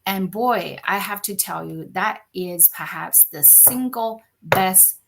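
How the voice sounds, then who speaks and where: A middle-aged woman from China, a podcast guest and company founder, telling her story in an animated, conversational way and often checking in with "right?". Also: medium pitch, slow, creaky, background noise. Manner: animated, frequent "right?" tag questions.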